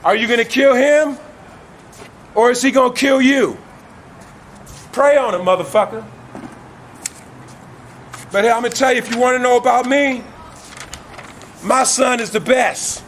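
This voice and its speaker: Dad from norcal, real high voice, preachy and cussing a lot. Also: male voice, unhurried, long pauses, fairly bright tone, a little hiss or hum. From Northern California. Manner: profane, emphatic, preaching cadence. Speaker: father. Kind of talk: impassioned monologue.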